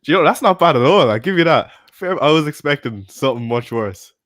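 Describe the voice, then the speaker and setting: A man's voice: fairly high pitch, lively intonation, fairly quick, a bit bright, no echo, clean studio sound. An Irish man co-hosting a casual live stream in an easygoing, laid-back way. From Ireland. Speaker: co-host.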